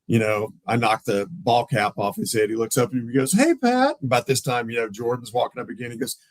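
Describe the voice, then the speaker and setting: An older man, a former police officer telling animated stories in a casual chat. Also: medium pitch, fast, dry recording, low-quality recording. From Tulsa, Oklahoma. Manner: animated, acts out others' voices in his stories; laughs often mid-story.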